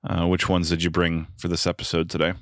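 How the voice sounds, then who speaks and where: A man's voice: low voice, completely flat delivery, quick pace, dry recording. A man co-hosting a podcast, chatting casually about a film in a dry, wry, joking way with plenty of ums. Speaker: podcast co-host. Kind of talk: casual film-review chat.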